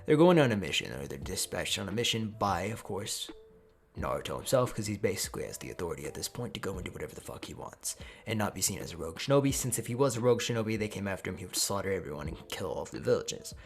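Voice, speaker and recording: A man's voice: low-pitched, very animated, quick pace. A man casually narrating a fan story, crude and rambling, swearing often. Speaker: YouTube storyteller.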